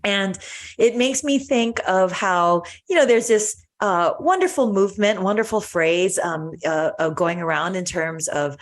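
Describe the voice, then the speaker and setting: A woman's voice: mid-range voice, measured pace. A woman co-hosting a podcast and a doctor, telling a story in an earnest, chatty way with many fillers and restarts. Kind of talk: casual podcast chat.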